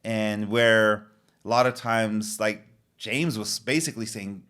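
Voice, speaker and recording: A man's voice: fairly low pitch, slow, a bit bright. A middle-aged man hosting a podcast, talking earnestly and with feeling in casual chat, retelling scenes. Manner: earnest, emotional, retells scenes with quoted lines. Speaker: podcast host.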